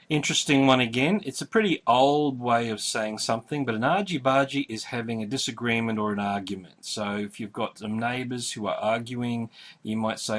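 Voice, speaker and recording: Australian man, mid-pitched voice, friendly explainer, casual lesson host. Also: a bit bright. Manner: friendly, explains slowly with examples.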